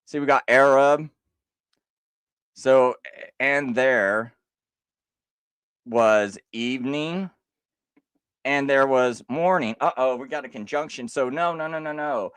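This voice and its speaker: A man's voice: medium pitch, slow pace, long pauses, a bit bright, clean tone, dry recording. A man hosting a livestream, rebutting a critic in a sarcastic, mocking tone with frequent laughs. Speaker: livestream host.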